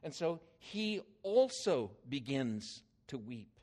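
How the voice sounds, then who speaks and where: An older man preaching a sermon, telling a story with swings in emphasis and loudness. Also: medium pitch, big pitch swings, slow.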